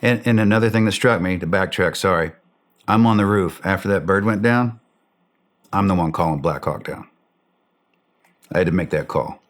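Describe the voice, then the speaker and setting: A man telling a war story in a blunt way, swearing freely and acting out the shouted radio calls. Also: low-pitched, moderate pace, pauses often. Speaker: interview guest.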